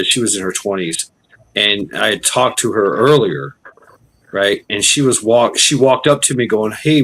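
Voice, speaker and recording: A man's voice: lowish voice, fairly bright tone, breathy edge, low-quality recording. A man in casual livestream chat, telling a story intensely with swearing and repetition.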